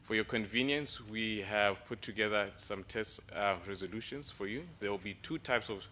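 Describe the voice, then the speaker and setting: A man with a South African accent giving clear step-by-step instructions to a meeting audience. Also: fairly low pitch, moderate pace, pushed and bright, slight background noise. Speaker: presenter explaining voting devices. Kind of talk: instructional announcement.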